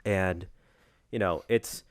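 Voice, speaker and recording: Deep-voiced young man, halting and earnest. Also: fairly even intonation, dry recording, clean studio sound. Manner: halting, emotional storytelling with many restarts. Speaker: podcast co-host. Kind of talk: casual chat.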